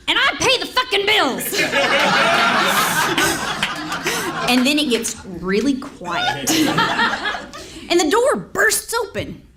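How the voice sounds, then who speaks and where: A woman's voice: high voice, background noise. A woman telling a funny story at a storytelling contest, laughing between lines and swearing freely. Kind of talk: live competitive storytelling.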